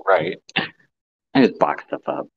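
A man in his thirties co-hosting a casual podcast, joking and often jumping into high-pitched impressions. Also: unhurried, muffled recording. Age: 30s. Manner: animated, jokey, slips into high-pitched impressions. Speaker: podcast co-host and editor.

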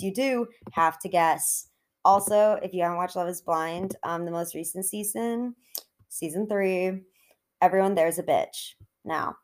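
A young adult woman hosting a podcast, giving blunt, profane relationship advice in a casual monologue with joking asides. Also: fairly low pitch. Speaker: podcast host.

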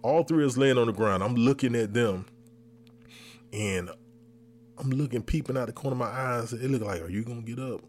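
A man hosting a podcast, telling a comic story with lively re-enactments of his own reactions. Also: mid-range voice, normal speed, long pauses, slight background noise. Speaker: podcast host. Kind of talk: comedic storytelling.

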